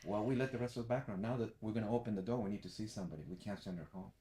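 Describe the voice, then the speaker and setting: A middle-aged man, a background actor, telling a lively story in a casual chat and acting out the other people's voices. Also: lowish voice, rapid-fire, roomy sound. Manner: animated, acts out quoted voices.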